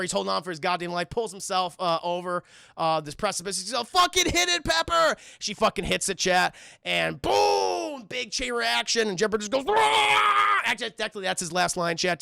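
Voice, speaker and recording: A man with a high, gravelly voice talks through a film scene by scene for his live chat, animated and full of swearing. His tone is bright and edgy, and his restarts pile up as he rushes along. The sound is dry and close. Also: no room sound. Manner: animated, swears often, acts out lines in quick bursts; many fillers and restarts. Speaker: film reviewer streaming live. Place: home streaming setup.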